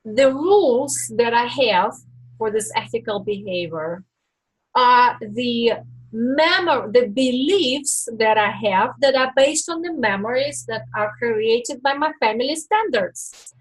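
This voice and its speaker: A woman life coach giving a live-stream coaching talk, teaching in a slow, deliberate way with reflective pauses. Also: fairly high pitch, expressive, husky, poor audio.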